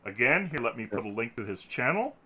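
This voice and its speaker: A man hosting a casual podcast, his pitch swinging widely as he jokes and rambles. His voice is bright and forward. He laughs often, talking into a desk microphone. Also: big pitch swings, quick pace, husky. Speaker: podcast host.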